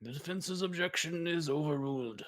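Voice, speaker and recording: A man's voice: on the high side, normal speed, very noisy, close to an everyday voice. A man voicing a mild, indecisive old male judge in a fan read of a game. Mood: judicial.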